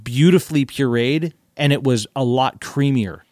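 A man's voice: medium pitch, normal speed, a little mellow, no echo, clean studio sound. A man chatting casually and easygoing, dropping words like dude and bro. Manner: laid-back, easygoing, says dude and bro. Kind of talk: casual chat.

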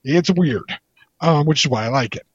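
Guy geeking out about movies, kinda high voice, dry dull lo-fi sound. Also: expressive, moderate pace, husky, no room sound. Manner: enthusiastic, rambling, playful teasing. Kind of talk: casual chat about movies.

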